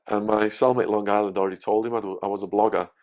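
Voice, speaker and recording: A man telling his story as a podcast guest, animated and swearing freely. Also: fairly low pitch, fast talker.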